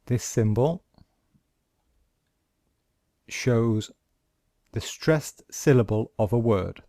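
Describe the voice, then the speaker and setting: A man teaching pronunciation, patiently explaining phonetic symbols and modelling each sound slowly. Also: mid-range voice, warm tone, no echo, clean studio sound. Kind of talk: slow, deliberate lesson explaining phonetic symbols.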